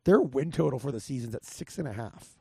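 A man's voice: mid-range voice, animated, a little fast, vocal fry, darkish tone, breathy edge, no echo. A man hosting a podcast, rambling casually through game picks with lots of restarts and filler. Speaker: podcast host. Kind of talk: casual sports betting chat.

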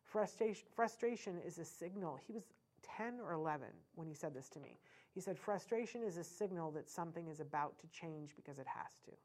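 A middle-aged woman speaks earnestly to a room of parents in a somewhat low voice. She is animated and personal, trips over her words, restarts, and leans on fillers as she explains. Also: fairly quick. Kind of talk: informal talk to an audience.

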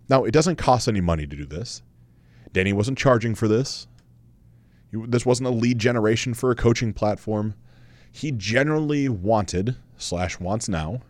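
A man's voice: mid-range voice, darkish tone, no room sound. A man in his thirties hosting his own podcast, telling a personal story in a candid, conversational way, with emphatic repetition and casual swearing. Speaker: podcast host.

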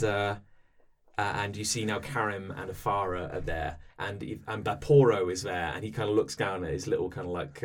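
A man narrating as game master for a tabletop game, rambling with many fillers. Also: lowish voice.

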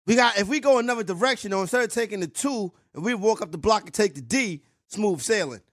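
A man's voice: sits high, expressive, fast talker, fairly bright tone, no room sound, clean studio sound. A man hosting a sports betting stream, talking in loose, laughing, streetwise banter. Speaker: sports betting show host. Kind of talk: casual chat on a live stream.

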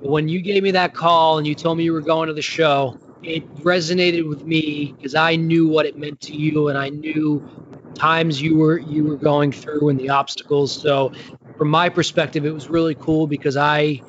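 A man's voice: on the high side, little pitch movement, normal speed, a little hiss or hum. A man hosting a podcast, interviewing a guest in an earnest, reflective way. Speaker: podcast host, former rehab coordinator. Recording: dull lo-fi audio.

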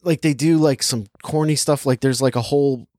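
A man's voice: mid-range voice, fairly even intonation, fairly quick, mellow, dry recording, studio quality. A young man casually chatting and reviewing a movie, rambling with lots of filler words and laughing easily. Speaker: podcast co-host reviewing a movie. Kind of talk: casual chat.

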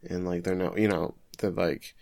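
A man's voice: low voice, steady tone, normal speed, creaky, a little mellow, no echo, clean studio sound. A man co-hosting a casual podcast, recapping an episode with joking, sarcastic asides. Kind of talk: casual chat.

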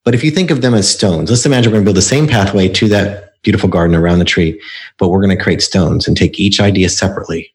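Low-voiced man explaining his coaching method. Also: quick pace. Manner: explanatory storytelling with examples. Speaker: book coach. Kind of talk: casual interview talk.

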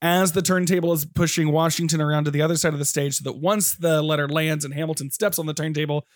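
A man's voice: a little high, fairly even intonation, quick pace, dry recording, studio quality. A man co-hosting a podcast, talking enthusiastically about a stage musical and swearing casually. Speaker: podcast co-host. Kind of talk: casual theater discussion.

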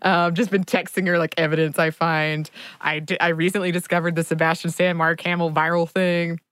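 A woman's voice: on the low side, flat delivery, fairly quick, a bit bright, smooth, dry recording. A woman co-hosting a podcast, talking in an enthusiastic casual chat and laughing often. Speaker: podcast co-host.

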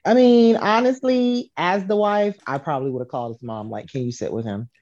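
A woman co-hosting a podcast in casual chat, thoughtful and measured in how she weighs things. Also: lowish voice, darkish tone, muffled recording. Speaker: podcast co-host.

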